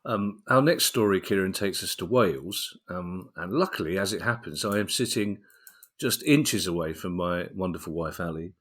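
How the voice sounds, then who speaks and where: A man's voice: low-pitched, normal speed, fairly bright tone. A man hosting a podcast, introducing stories in a casual, jokey way and handing questions to his co-host. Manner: jokey, laughs while presenting stories.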